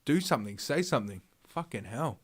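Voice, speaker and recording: A man's voice: mid-range voice, sing-song, fairly quick, husky. A man streaming live, ranting through his opinions in a rambling, profane way, full of fillers and restarts. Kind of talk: livestream commentary rant.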